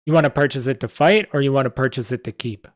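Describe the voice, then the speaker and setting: Man playing a snorting New York goblin, greedy, brash, voice pitched up, dry close sound. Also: fast talker, no room sound, natural voice. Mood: mocking. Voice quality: loud, snorting and mocking.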